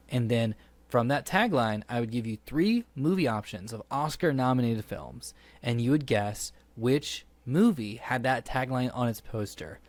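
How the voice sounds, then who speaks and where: A man hosting a casual podcast, playful and quick-witted, hyping up a game like a game-show host. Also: mid-range voice, no room sound.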